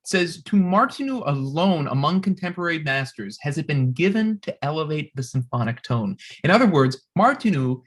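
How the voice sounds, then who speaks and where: A man's voice: on the high side, expressive, a little fast, hardly any pauses. A young man, a composer, giving a recorded music history lecture with many fillers and restarts.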